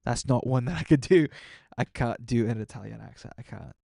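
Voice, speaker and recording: A man's voice: mid-range voice, brisk, gravelly, warm tone, no room sound, clean studio sound. A young man streaming a game, rambling casually and answering his chat as he signs off. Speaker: gaming streamer.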